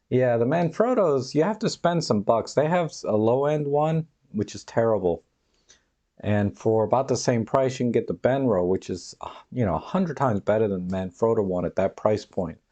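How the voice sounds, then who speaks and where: Guy rambling thru chat comments on his stream, lowish mellow voice, laughs a lot. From United States. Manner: rambling, chatty, laughs often. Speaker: live stream host. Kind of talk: casual chat reading viewer comments. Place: home, dog nearby.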